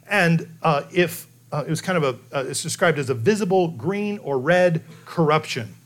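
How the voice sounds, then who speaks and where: A man delivering an expository sermon in a fairly high voice. His pitch swings widely from phrase to phrase. He presses his points emphatically and drops into slow, weighty phrases for effect. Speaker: preacher.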